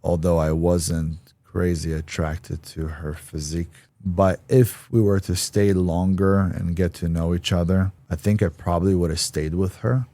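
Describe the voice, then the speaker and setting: A man's voice: low voice, level tone, a little slow, dark tone, no echo. A man giving an interview, telling a personal story bluntly and acting out the voices of people he quotes. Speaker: interview guest.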